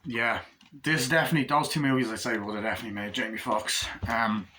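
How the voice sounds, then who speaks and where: A man giving a casual movie review, animated, acting out scenes with heavy swearing. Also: medium pitch, fast, a little hiss or hum.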